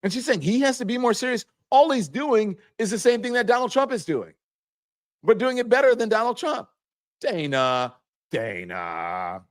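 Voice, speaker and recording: A man hosting a political commentary show, mocking the clips he plays and breaking into high, exclaiming bursts. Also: very animated, normal speed. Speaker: show host.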